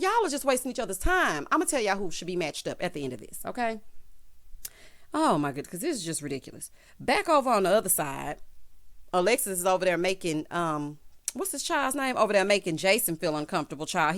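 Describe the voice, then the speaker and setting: Woman, sassy reality-show recapper, animated pitch, lots of "child" and "honey", playful voices for quotes. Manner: acts out cast members' lines in shifting voices. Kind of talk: casual recap commentary.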